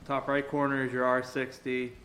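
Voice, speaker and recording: A man explaining zoning districts on a plan to a board, steady and explanatory. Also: medium pitch, normal speed, a little hiss or hum, poor audio.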